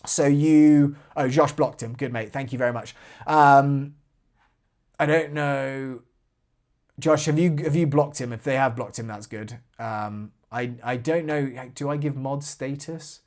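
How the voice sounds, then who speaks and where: Guy hosting a live stream, chatty and relaxed, reading out chat comments, talking at a desk mic indoors. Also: medium pitch, measured pace. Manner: chatty, reads out viewer comments. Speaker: airsoft channel host.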